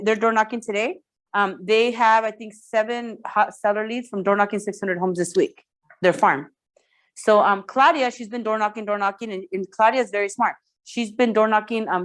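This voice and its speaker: A woman coaching real estate agents in a lively training talk, often repeating herself and checking that the room follows. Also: fairly high pitch. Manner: energetic, repeats words, asks the room for checks.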